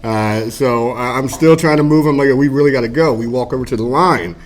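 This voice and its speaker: A man's voice: medium pitch, a little fast. A young man who is a podcast guest, bantering in casual chat and laughing along. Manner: relaxed banter, laughing and chiming in.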